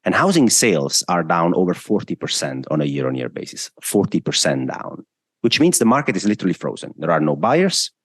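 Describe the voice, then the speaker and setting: A man's voice: deep voice, sing-song, fairly quick, breathy edge, dry recording, clean studio sound. A man, a guest analyst explaining the economy step by step in emphatic, list-driven answers.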